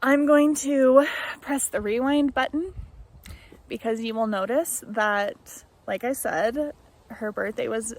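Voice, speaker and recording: Slow-speaking emotional young woman. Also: fairly high pitch, low-quality recording. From United States. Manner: emotional, halting, full of fillers and restarts. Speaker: vlogger. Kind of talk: heartfelt tribute and vlog narration.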